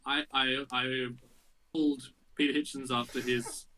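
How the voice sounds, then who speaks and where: A young man co-hosting a podcast, telling an anecdote in casual chat, animated and full of fillers. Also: mid-range voice, a little slow, slight background noise, poor audio. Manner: animated storytelling with many fillers. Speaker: podcast co-host.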